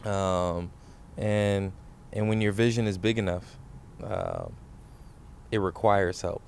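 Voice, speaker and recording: A man hosting a casual interview, relaxed and easygoing, often repeating his words. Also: sits low, slow, vocal fry, slight background noise. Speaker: host.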